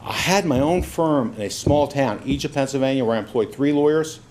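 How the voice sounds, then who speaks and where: A man's voice: mid-range voice, brisk, a little mellow, slight background noise. Folksy middle-aged man giving a campaign speech. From Brooklyn, New York. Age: 50s. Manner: folksy storyteller, self-deprecating humor. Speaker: judicial candidate.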